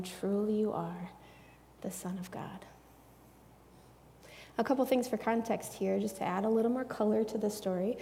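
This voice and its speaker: Warm, gravelly woman teaching the Bible. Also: medium pitch. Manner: earnest, chatty, drops into soft hushed asides. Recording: long echoey reverb.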